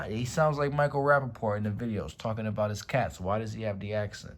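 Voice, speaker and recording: A man with a notably deep, low voice hosts a relaxed showcase of his card collection from a room at home. He talks in loose slang, swears casually, and sometimes sinks to a hush while admiring a card. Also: fast talker, hardly any pauses. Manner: laid-back slangy talk, swears, drops to whispers over cards. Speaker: YouTube card-collection host.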